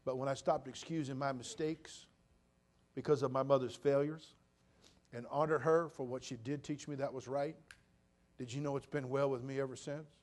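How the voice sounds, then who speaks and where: A pastor in his sixties delivers a sermon in an ordinary mid-range male voice. He swings between loud, emphatic bursts and soft, low asides. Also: fairly even intonation, moderate pace. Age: 60s. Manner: preaching with sudden loud bursts and quiet drops.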